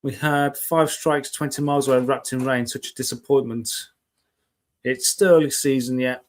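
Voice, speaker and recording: A man's voice: medium pitch, steady tone, moderate pace. A man hosting a casual live weather chat show, talking in a chatty, rambling way and often correcting himself mid-sentence.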